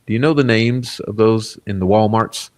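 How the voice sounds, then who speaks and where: A laid-back man with a fairly low voice hosts a casual livestream and reads viewer comments aloud. He rambles along with plenty of fillers and chuckles often. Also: normal speed. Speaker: livestream host.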